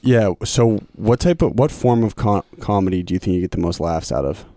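A male podcast host with a very low, mellow voice talks in a relaxed, chatty way and laughs easily. The sound is dry and close on a studio mic. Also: brisk, dry recording. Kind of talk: casual podcast chat.

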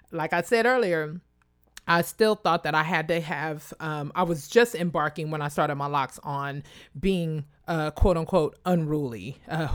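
A woman from Kansas telling a personal story in a casual, animated way, acting out other people's voices. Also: no room sound, studio quality. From Wichita, Kansas, USA. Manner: animated, acts out quoted voices in a high pitch; addresses listeners directly and casually.

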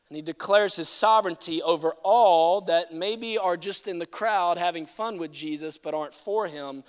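A male pastor preaching a sermon with animated, humorous delivery. He swings between loud declarations and quiet asides and acts out voices in quoted speech. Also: high-pitched, unhurried, clear, resonant tone.

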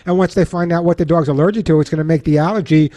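A man with a New York accent hosting a call-in radio show, giving animated pet advice and acting out commands. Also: fairly high pitch, rapid-fire. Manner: animated, acts out dog commands. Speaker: radio host and pet behaviorist.

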